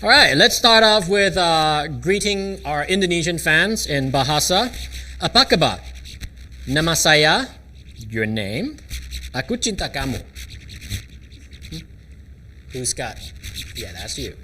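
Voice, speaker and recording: A man's voice: a little high, big pitch swings, unhurried, pauses often, sharp tone, slight background noise. A man hosting a live fan event in casual chat, playful and chuckling as he cues the next turn. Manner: playful, chuckling, cueing others.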